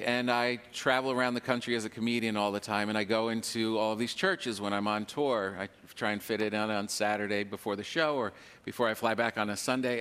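A man's voice: medium pitch, a bit bright, in a large hall. A man hosting a comedy quiz show, joking and laughing often as he asks questions. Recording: live theater with audience. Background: audience laughter.

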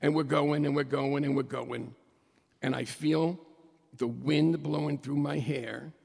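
A middle-aged man telling a humorous personal story to an audience, animated and excitable, with jokey asides. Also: a little high, measured pace, gravelly, husky, long reverb tail.

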